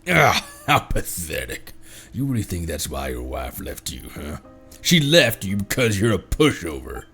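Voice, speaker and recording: Man doing a sneering gruff bandit boss. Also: deep voice, big pitch swings, measured pace, fairly bright tone, faint music behind, voice pushed down, exaggerated voice. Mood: scornful.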